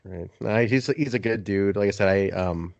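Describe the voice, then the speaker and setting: Here the podcast host speaks at a moderate pace in a fairly low voice with vocal fry, vividly recounting a story, voicing the people in it and dropping swears for effect. There's no room sound, and the highs are cut off.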